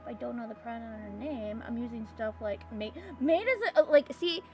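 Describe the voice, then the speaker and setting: A young woman from California chatting casually with her viewers while drawing on stream, rambling, giggly and given to sudden excited squeals. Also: fairly high pitch, moderate pace. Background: faint music.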